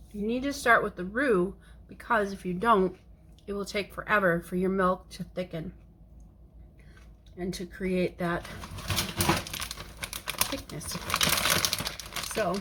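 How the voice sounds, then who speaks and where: A woman's voice: medium pitch, heavy background noise. A woman chatting casually as she cooks in her home kitchen, rambling and talking to her cat. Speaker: vlogger. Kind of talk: casual cooking vlog chat.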